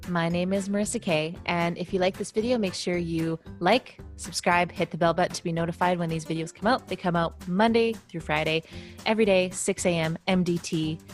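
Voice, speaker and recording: A woman's voice: lowish voice, steady tone, a little fast, soft background music. Rambling young woman reviewing an album. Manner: rambling, hesitant, filler-heavy. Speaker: co-host. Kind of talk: casual album review chat.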